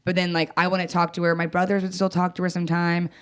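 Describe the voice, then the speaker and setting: A young adult woman comedian swaps stories in a loose, casual chat. She is blunt and profane, laughs easily and mocks herself, with a slightly low pitch. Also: little pitch movement, fast talker, a bit bright, smooth. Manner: blunt, profane, self-mocking, laughs often. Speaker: comedian guest.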